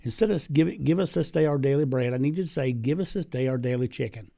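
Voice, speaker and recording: A hoarse man doing a folksy old Southern colonel pitching a deal, with a slow southern drawl. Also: warm tone, close to an everyday voice. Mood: insistent. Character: folksy old male chicken-restaurant colonel, salesman.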